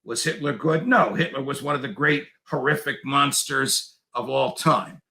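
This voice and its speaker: A man talking as a guest in a political interview, deliberate and emphatic, lecturing on history. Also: mid-range voice, vocal fry, bright, forceful tone, poor audio. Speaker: guest commentator.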